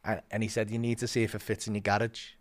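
A man's voice: on the low side, flat delivery, fast talker. A young man telling a comic story as a podcast guest, swearing, laughing and acting out the other voices.

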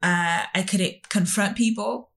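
A woman's voice: medium pitch, slow, vocal fry, fairly bright tone. A woman from Canada talking candidly and reflectively in a casual conversation, asking probing questions.

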